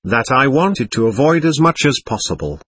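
A man reading a first-person memoir aloud in a plain, measured storytelling manner. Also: mid-range voice, big pitch swings, fairly bright tone, breathy edge, no room sound.

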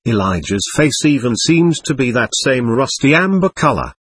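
A man reading a first-person memoir aloud in a gentle, measured storytelling voice. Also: mid-range voice, sing-song, husky, no echo. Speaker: audiobook narrator.

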